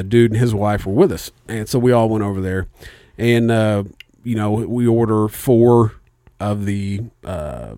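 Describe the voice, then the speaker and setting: A man's voice: lowish voice, no echo. Man, casual podcast chat, profane, rambling, dry close mic. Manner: profane, rambling, animated storyteller. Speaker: podcast co-host.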